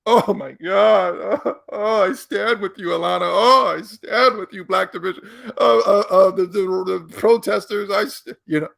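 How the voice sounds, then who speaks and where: Sobbing overwrought man, high quavering voice, put on by a man. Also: normal speed, creaky, hardly any pauses, a bit bright, heavily acted. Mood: mock sobbing. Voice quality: high, quavering, mock-crying.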